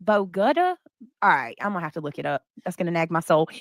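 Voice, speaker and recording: A woman's voice: sits low, rapid-fire, creaky, a bit bright, dry recording, clean studio sound. A woman hosting a casual livestream, greeting chatters by name. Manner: greets chatters by name, breaks into bits of song. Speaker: livestream host.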